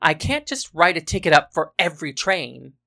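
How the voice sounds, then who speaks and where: A woman's voice: deep voice, big pitch swings, normal speed, gravelly, pushed and bright, heavily acted. A woman voicing an exasperated male ticket clerk in a storybook.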